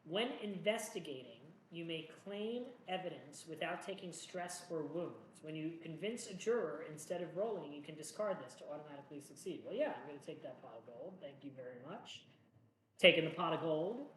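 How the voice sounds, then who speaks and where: A channel host plays a board game solo, chatting through each move with jokey, self-mocking commentary. His voice is a little high, expressive, and fairly bright at a moderate pace, recorded in an echoey room with faint noise.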